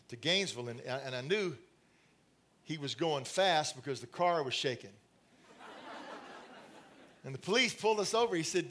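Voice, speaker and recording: A man's voice: on the high side, fairly bright tone. A middle-aged man preaching a sermon to a congregation, telling stories with laughs and asides. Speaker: pastor. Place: church in front of a congregation.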